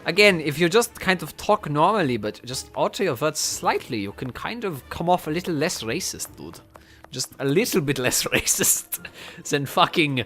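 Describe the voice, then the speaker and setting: A woman's voice: low-pitched, animated, moderate pace, a bit bright, faint music behind. A tipsy woman streaming a game, talking to herself with lots of swearing. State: drunk. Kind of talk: casual game commentary.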